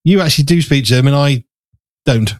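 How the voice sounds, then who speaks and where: A man telling stories in a relaxed, playful, self-mocking chat. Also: medium pitch, normal speed, dry recording, studio quality. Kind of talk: casual chat.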